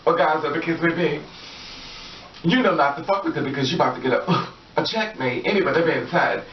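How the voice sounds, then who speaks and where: A woman's voice: low voice, fast talker, slight background noise. Sassy woman vlogging in an echoey room. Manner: sassy, profane, laughs often, acts out quoted people. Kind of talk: casual monologue to camera. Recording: roomy, distant, dull lo-fi audio.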